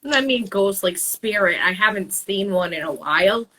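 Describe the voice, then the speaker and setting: A woman's voice: medium pitch, lively intonation, normal speed, a bit bright, poor audio. A middle-aged woman hosting a casual chat, talking bluntly and swearing freely. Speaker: host.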